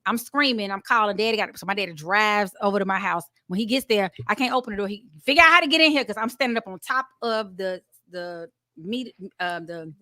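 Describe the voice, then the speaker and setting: A woman, co-hosting a casual talk show and telling stories in an animated, excitable way. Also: medium pitch, a little fast, few pauses, dry recording, clean studio sound. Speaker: co-host.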